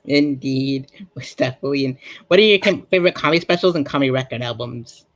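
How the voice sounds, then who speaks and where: A man hosting an interview, asking questions in a measured way and answering with set phrases of agreement. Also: mid-range voice, dry recording. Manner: measured, stock replies like "indeed, most definitely". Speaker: podcast host. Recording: dry, dull lo-fi audio.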